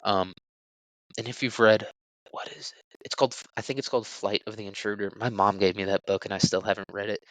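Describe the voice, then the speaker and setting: This casual solo podcast features a young male host who rambles crudely, cracking jokes and leaning on fillers. His pitch sits fairly low with little movement, his tone is a bit bright, and he talks a little fast. It's a low-quality recording with no room sound.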